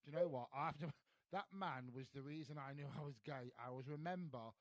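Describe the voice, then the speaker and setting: A man's voice: fairly high pitch, quick pace, no echo, clean studio sound. A man hosting a podcast, guessing words in a party game, laughing and thinking aloud. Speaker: podcast host. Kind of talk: playing a guessing game with guests.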